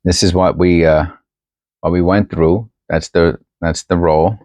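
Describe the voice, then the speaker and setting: Sorting coins at home, this vlogger talks in a low, steady, slightly slow and mellow voice with no echo. His casual chat into a new desk microphone wanders, full of thinking aloud and frequent restarts.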